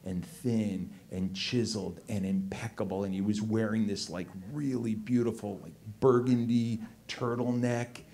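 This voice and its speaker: Excitable man telling a live story. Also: fairly low pitch, measured pace, few pauses. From Los Angeles, United States. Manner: animated, excitable, heavy use of "like".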